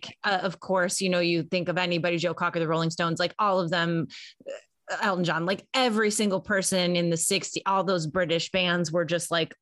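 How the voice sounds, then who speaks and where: A woman's voice: fairly low pitch, fairly even intonation, brisk, a bit bright, no room sound. A woman co-hosting a casual podcast about music, chatty and playful, thinking aloud with plenty of fillers. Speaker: podcast co-host.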